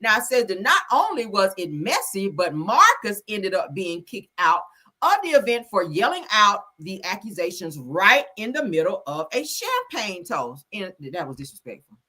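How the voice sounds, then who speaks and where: A woman's voice: medium pitch, moderate pace. A woman hosting a celebrity gossip stream in casual, sassy commentary, swearing freely and acting out quotes. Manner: sassy, animated, acts out quotes in voices; swears freely, chatty slang.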